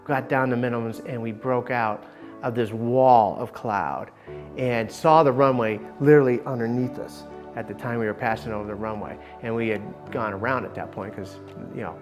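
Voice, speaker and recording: Man retelling a flight with faint music. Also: mid-range voice. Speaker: fellow pilot recalling a flight. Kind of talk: casual storytelling interview.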